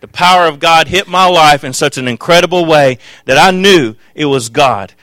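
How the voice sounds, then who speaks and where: A man preaching a sermon, telling his own testimony with passion, dropping to a hush and then rising loud. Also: on the high side, normal speed, no room sound. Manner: impassioned, swings from hushed to loud.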